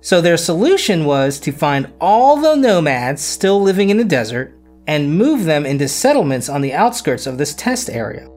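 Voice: mid-range voice, very animated, moderate pace, a little mellow, soft background music. Chatty history podcaster with jokey asides. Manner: conversational, repeats words, self-deprecating asides. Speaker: podcast host. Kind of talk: casual history podcast narration.

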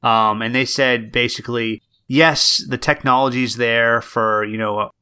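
A man's voice: mid-range voice, steady tone, measured pace, pushed and bright, clean tone. A man co-hosting a podcast, chatting casually and rambling with lots of fillers and restarts. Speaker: podcast co-host. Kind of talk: casual chat.

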